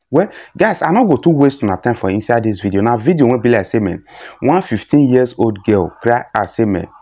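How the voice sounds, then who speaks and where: A man's voice: mid-range voice, dark tone, highs cut off. A man with a Nigerian accent giving casual commentary on news clips, often checking in with "you understand?".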